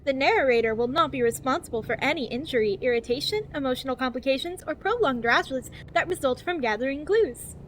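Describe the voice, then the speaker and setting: Woman, streamer, high voice, very animated, giggly, cheery infomercial-style reading. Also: fairly quick, hardly any pauses, a little hiss or hum. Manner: giggly, laughs often. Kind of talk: livestream reading a game's text aloud.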